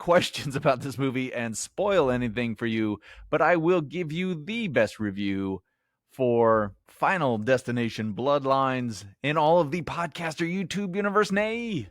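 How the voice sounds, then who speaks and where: A podcast host gives a chatty, casual movie review, laughing often, in an expressive, unhurried, medium-pitched voice. He's on headphones with a home podcast mic, and the sound is studio quality with no echo.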